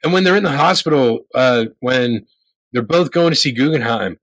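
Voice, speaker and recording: A man's voice: mid-range voice, moderate pace, no echo, rough recording. A man co-hosting a film podcast in a casual chat, quoting movie lines and agreeing often. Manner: quotes movie lines in a flat reading voice, many yeahs. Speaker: podcast co-host.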